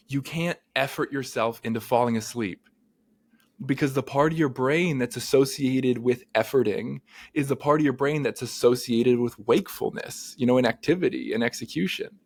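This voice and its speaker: A man, a therapist co-hosting a podcast, talking casually and telling earnest, animated stories. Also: medium pitch. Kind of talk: casual conversation.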